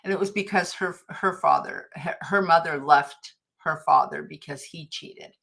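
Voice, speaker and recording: Woman, middle-aged, low pitch, casual motivational talk, chatty, storytelling. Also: moderate pace, gravelly, a bit bright. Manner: chatty, anecdotal, laughs often. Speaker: livestream host.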